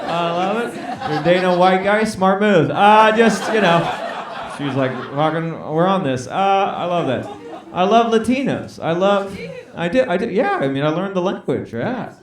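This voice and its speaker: A man doing a stand-up comedy set on a club stage, playfully bantering with the audience. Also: high-pitched. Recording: echoey club, mic at a distance, crowd noise. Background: audience laughter.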